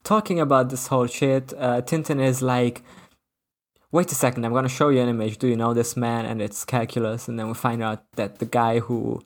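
A man from Italy talking about comics in an easygoing, meandering way, with lots of filler words. He sounds like a podcast co-host chatting with friends at a relaxed pace, circling back as he goes. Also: mid-range voice, a little fast. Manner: rambling, full of "like" fillers. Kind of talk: casual comic book discussion.

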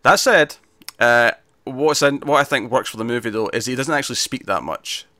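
A man talks through a film in relaxed conversation, stumbling and restarting as he goes. His voice is bright and forward, recorded close and dry with no room around it. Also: medium pitch, normal speed, dry recording. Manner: hesitant, with frequent restarts and fillers. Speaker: film reviewer. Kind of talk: casual film discussion.

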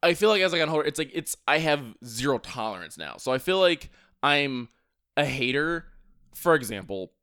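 A man's voice: a little high, big pitch swings, normal speed, pushed and bright, smooth, no echo, studio quality. A young man co-hosting a podcast, ranting in casual chat, restarting his sentences a lot and swearing often. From Virginia. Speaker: podcast co-host.

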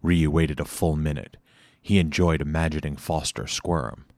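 A man narrating an audiobook chapter in a steady, measured storytelling way. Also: very deep voice, no room sound. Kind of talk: scripted narration.

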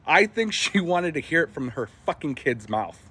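A man's voice: a little high, sing-song, normal speed, bright, forceful tone, husky. A man telling a casual, wry anecdote to camera, laughing here and there as he goes. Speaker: storyteller in a short video clip.

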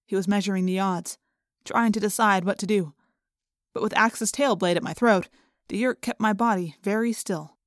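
A woman's voice: mid-range voice, moderate pace, no echo. Casting: woman narrator, tense first-person storytelling, dry close recording. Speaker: audiobook narrator. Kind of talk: scripted narration.

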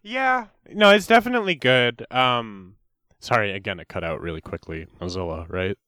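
A man's voice: lowish voice, animated, normal speed, pushed and bright, no echo, clean studio sound. A man co-hosting a podcast in casual, profane, mock-outraged comedic chat. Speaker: podcast co-host.

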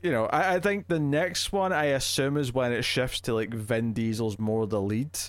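Male podcast co-host, mid-pitched, chatty and hesitant, dry close-mic sound. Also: moderate pace, dry recording. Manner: chatty, hesitant with frequent restarts. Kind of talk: casual film review chat.

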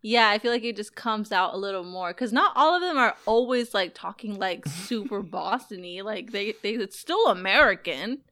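A woman's voice: mid-range voice, animated, normal speed, few pauses, sharp tone. A woman chatting casually about a movie, laughing often and swearing freely. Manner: giggly, swears freely, quotes lines with gusto.

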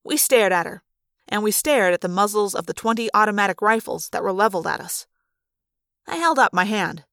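A woman narrating a fan-read audiobook, telling the story in an expressive, dramatic way. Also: mid-range voice, fairly quick, no room sound, studio quality. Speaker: audiobook reader.

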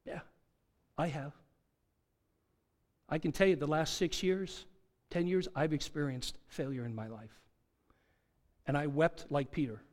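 Man, preacher, sermon, personal story, raised voice then hushed, slightly high pitch. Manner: personal storytelling with swings from quiet to loud; repeats key phrases slowly for emphasis.

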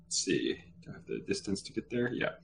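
A man with a fairly low voice, thinking aloud as he plays a tabletop game. He works through his options quickly, correcting himself as he goes. Faint noise sits behind him. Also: sing-song, gravelly. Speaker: player.

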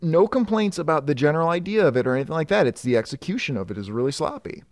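A man talks in a casual podcast chat, his pitch sitting a little high and swinging widely as he grows exasperated. He picks apart details point by point. The sound is dry and close, with no room around it. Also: lively intonation, racing, dry recording. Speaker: podcast co-host reviewing a comic.

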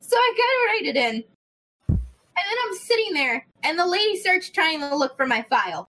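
A young woman telling a story in casual chat, animated, swearing freely and acting out the people in it. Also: very high voice, moderate pace, a little hiss or hum, rough recording. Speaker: podcast host.

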